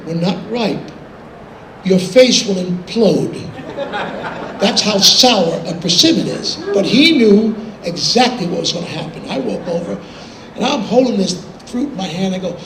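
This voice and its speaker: An older man telling animated anecdotes in an interview, acting out quotes and laughing as he goes. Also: sits high. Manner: animated, laughing storyteller who acts out quotes. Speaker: interview guest. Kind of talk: anecdotal storytelling. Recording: roomy with background noise.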